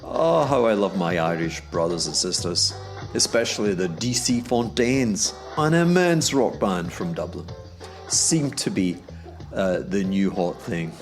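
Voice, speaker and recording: Middle-aged Glaswegian podcast host, theatrical delivery with big upward pitch swoops, faint music under the voice. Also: male voice, expressive, unhurried. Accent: Scottish, Glaswegian. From Scotland. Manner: theatrical, swooping up high for emphasis. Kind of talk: solo podcast monologue. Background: music playing underneath.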